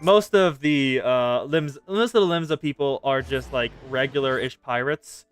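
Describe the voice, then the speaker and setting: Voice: mid-range voice, moderate pace, faint music behind. A game streamer chatting casually and talking to themself while playing. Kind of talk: casual live gameplay chatter.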